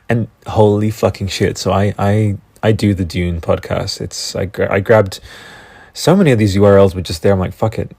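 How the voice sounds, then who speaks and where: Excitable, swearing podcast host; low fry-laden voice, tangents galore. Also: male voice, no room sound. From Australia. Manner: excitable, profane, tangent-prone. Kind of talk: casual solo podcast rambling.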